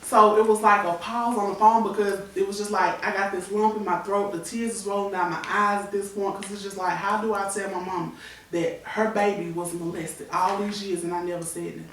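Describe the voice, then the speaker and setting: A woman's voice: medium pitch, fairly even intonation, a little fast, a bit bright, a little hiss or hum. A woman in her thirties tells a painful personal story with candor, slipping into the voices of the people she quotes. Her voice rings around a strongly echoing room. She sits well back from the microphone. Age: 30s. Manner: candid, tearful retelling with acted-out quotes. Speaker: guest. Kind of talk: emotional personal storytelling on a talk show. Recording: echoey room, voice from far off the mic.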